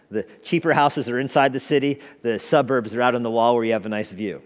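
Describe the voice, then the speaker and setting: A man's voice: medium pitch, fairly quick. A man preaching a sermon in a church, breaking from dramatic readings into casual, joking asides. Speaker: pastor. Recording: echoey hall, dull sound.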